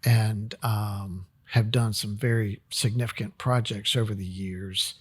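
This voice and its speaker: A man's voice: fairly low pitch, fairly even intonation, unhurried, slightly rough. Affirming male podcast host. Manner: affirming, conversational interviewer. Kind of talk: casual interview hosting.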